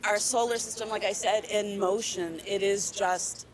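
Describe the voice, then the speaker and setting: A woman's voice: medium pitch, steady tone, measured pace, poor audio. Woman guest chokes up talking about the eclipse, live on air. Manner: tearful, emotional. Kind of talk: live interview.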